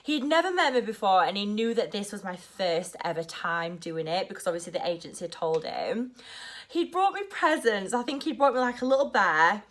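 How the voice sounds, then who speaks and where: A young woman telling a story in a casual vlog, rushed and nervous, saying "like" constantly. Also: medium pitch, a bit bright. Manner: rushed and nervous, heavy use of "like". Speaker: vlogger.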